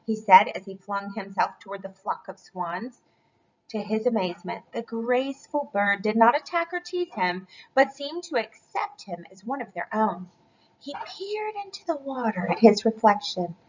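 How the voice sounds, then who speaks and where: Cheerful woman teacher reading a storybook to kids, encouraging and animated; lo-fi. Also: medium pitch, unhurried. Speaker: school curriculum specialist. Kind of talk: read-aloud lesson for children.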